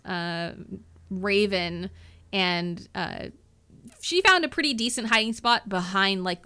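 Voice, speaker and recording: Bright-voiced woman running a tabletop game. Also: medium pitch, clear, resonant tone. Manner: rambling description full of "uh" and "like". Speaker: game master.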